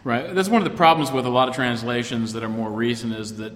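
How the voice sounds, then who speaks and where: A man gives an informal Bible class lecture, speaking in a thoughtful, halting way and restarting his phrases as he goes. His voice carries a roomy echo with a long reverb tail. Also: mid-range voice, steady tone, a bit bright. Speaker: Bible study teacher. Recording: echoey room with long reverb.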